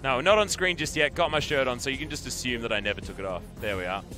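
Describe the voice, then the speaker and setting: A young Australian man casting an esports match, joking and animated between plays. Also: mid-range voice, fast talker, over music. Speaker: esports caster. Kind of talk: play-by-play commentary and banter.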